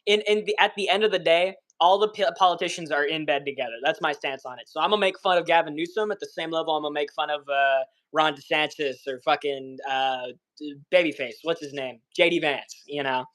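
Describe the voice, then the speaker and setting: A man's voice: fairly high pitch, fairly quick, fairly bright tone, rough recording. A young man guest in a casual debate, blunt and swearing freely as he talks.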